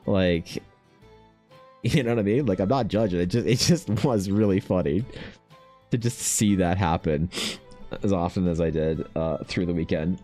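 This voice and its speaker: A young man chatting casually on his art stream, rambling and swearing freely, often mimicking other people in quick high voices. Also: dark tone, soft background music. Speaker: artist streaming while painting.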